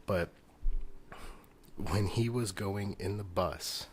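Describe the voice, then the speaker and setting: A man with a deep, low voice tells a long story in relaxed podcast talk. He sounds earnest and keeps the story going with lots of detail. A faint hiss of noise sits under his voice. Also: slow pace. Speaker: podcast co-host. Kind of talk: casual chat.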